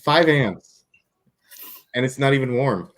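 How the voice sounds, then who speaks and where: A man appearing as a guest on a casual livestream, laid-back and quick to laugh loudly. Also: medium pitch, lively intonation.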